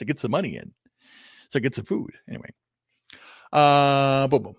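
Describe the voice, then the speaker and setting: A man's voice: medium pitch, moderate pace, creaky, no room sound, clean studio sound. A man in his fifties doing a solo livestream, thinking aloud in a meandering way with many restarts, repeated words and casual swearing. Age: 50s. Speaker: vlogger. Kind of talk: rambling solo livestream talk.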